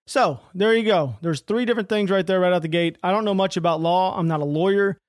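A man talks through his own political podcast at a rapid clip, his voice sitting slightly high for a man. He is blunt and heated, swearing freely and restarting sentences as he rambles. The sound is close and dry, with no room around it. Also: no echo. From United States. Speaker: podcast host. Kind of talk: solo political commentary podcast.

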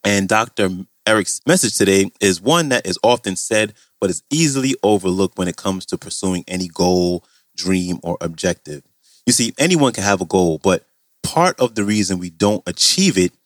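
Male podcast host, very low voice, dry close mic, earnest scripted intro. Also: no room sound.

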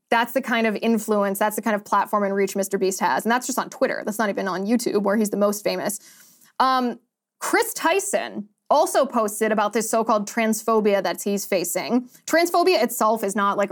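A young adult woman hosts a political commentary show in a slightly high voice. She talks emphatically, stacking up indignant rhetorical questions. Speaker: host.

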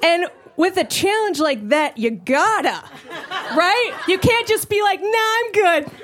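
A woman comedian with a high voice tells a story with animated energy, often breaking into laughter. She is performing at a live show. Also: unhurried. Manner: animated, laughing through the telling. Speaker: guest comedian.

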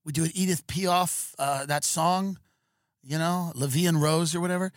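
A man hosting a podcast, animated and excitable, riffing through a comic rant with many restarts. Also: on the high side, moderate pace, no room sound, clean studio sound. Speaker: comedian podcast host.

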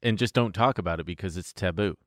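A man's voice: deep voice, fast talker, fairly bright tone, no echo, clean studio sound. A man co-hosting a podcast in loose, profane, joking banter. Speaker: podcast co-host. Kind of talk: casual chat.

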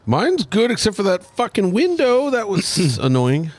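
A man co-hosting a casual talk show, chatting in a relaxed, wry way. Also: high-pitched, measured pace, dry recording. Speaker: podcast co-host. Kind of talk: casual chat.

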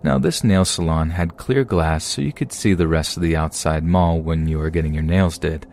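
Low-voiced man narrating horror stories. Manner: steady, measured first-person reading. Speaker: podcast narrator. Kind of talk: scripted horror story narration.

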